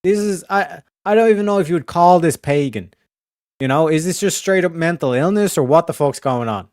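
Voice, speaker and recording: A man's voice: a little high, animated, brisk, darkish tone, dry recording, clean studio sound. An Irish man hosting a stream in casual chat, rambling and swearing, repeating his catchphrases. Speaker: streamer host.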